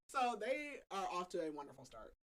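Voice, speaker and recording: A woman's voice: mid-range voice, a bit bright, a little hiss or hum. A woman hosting a podcast, casually recapping a book's plot with a chatty, laughing manner and lots of filler words. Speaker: podcast host. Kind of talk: casual book recap chat.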